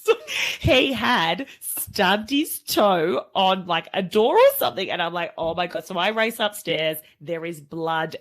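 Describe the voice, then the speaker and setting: An Australian woman in her thirties, co-hosting a parenting podcast and telling a story in a lively, casual way with frequent laughter. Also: mid-range voice, measured pace. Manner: animated storyteller, laughs often. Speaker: podcast co-host. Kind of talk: casual chat.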